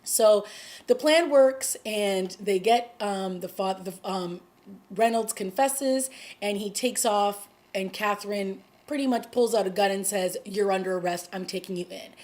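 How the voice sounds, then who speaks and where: Speaking unhurriedly in a mid-range voice, this female TV recapper talks through an episode in a casual way. Her chatter is full of "like" and "you know," and the dramatic moments get her excited.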